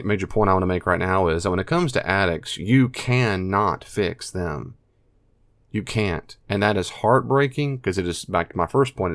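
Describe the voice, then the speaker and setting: A man with a fairly low voice and an American accent gives earnest, emphatic advice about addiction and family straight to camera, often repeating key phrases. The sound is studio quality with no echo.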